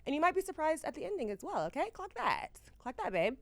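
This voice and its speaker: Lively, slangy woman podcast host. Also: high voice, rapid-fire, dry recording. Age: 30s. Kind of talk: casual podcast chat.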